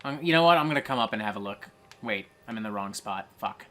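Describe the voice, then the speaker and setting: A streamer hosting a casual live gameplay stream, swearing a lot, breaking into excitable rants and reading viewer chat aloud. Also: mid-range voice, quick pace. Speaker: streamer host.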